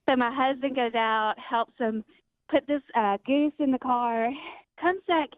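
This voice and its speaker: High-voiced woman caller on a phone line. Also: a little slow, no room sound. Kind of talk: phone call storytelling.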